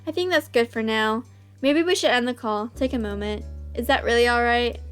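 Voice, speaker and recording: A woman voicing a gentle middle-aged mother who soothes her son affectionately over the phone. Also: fairly high pitch, moderate pace, clear, resonant tone, faint music behind, close to an everyday voice. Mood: tender.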